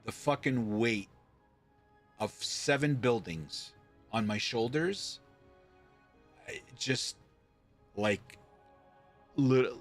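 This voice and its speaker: A man from Canada, a streamer, telling a story in a casual, animated way, acting out quoted lines and swearing casually. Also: medium pitch, extremely slow, pauses often, soft background music. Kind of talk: casual storytelling while gaming.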